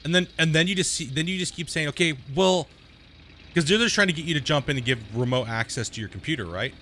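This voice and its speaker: A man's voice: medium pitch, pushed and bright, slight background noise. A man streaming a game live, chatting casually and rambling through stories, often tagging sentences with "right?".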